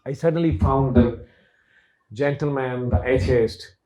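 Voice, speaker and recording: A man's voice: medium pitch, unhurried, warm tone. A middle-aged man, a doctor telling a personal story in a lecture with an anecdotal manner. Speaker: doctor and speaker. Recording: echoey, dull lecture sound.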